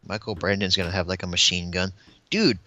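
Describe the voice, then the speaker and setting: A man's voice: sits low, steady tone, fairly quick, sharp tone, no room sound. A young man guesting on a casual podcast, giving opinionated rants. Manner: opinionated, ranting. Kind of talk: casual chat. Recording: dull, lo-fi dry sound.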